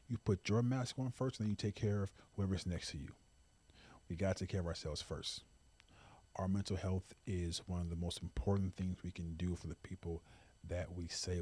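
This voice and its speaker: A man's voice: low-pitched, flat delivery, moderate pace, darkish tone, slightly rough. A man hosting a talk show, speaking in an earnest, impassioned monologue with repeated emphasis. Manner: impassioned, repetitive emphasis, pleading. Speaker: podcast host.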